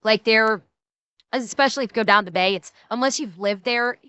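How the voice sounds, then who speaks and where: A woman's voice: a little high, a little fast, bright, forceful tone, smooth, no echo. A woman with a Midwestern American accent, chatting casually on a stream and laughing often.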